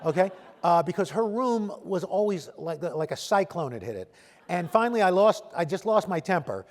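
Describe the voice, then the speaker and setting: A man gives an unscripted talk to a conference audience. His fairly high voice stumbles through restarts and self-deprecating jokes. It rings out with the long reverb of a large hall. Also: darkish tone. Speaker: keynote speaker at a panel event. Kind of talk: conference speech, off-the-cuff.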